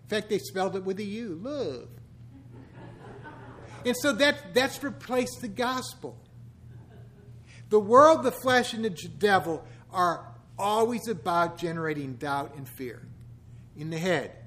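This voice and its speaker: A man's voice: high-pitched, lively intonation, unhurried, sharp tone. A man in his sixties, a pastor giving a conversational sermon full of wry, joking asides.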